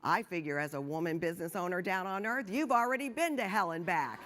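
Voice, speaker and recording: A woman voicing a genial male saint who judges souls at heaven's gate, in jovial storytelling with drawn-out emphasis. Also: lowish voice, fairly bright tone, slight background noise, close to an everyday voice. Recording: long hall reverb.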